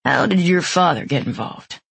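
A woman voicing a brisk, dry-humored male investigator in an audiobook. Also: on the low side, animated, vocal fry, slightly rough, no room sound, heavily acted.

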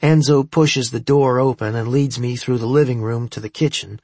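A man narrates a first-person story as an audiobook in a wry, conversational way. His voice is husky and of middling pitch, recorded close and dry. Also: steady tone, normal speed, darkish tone, no room sound.

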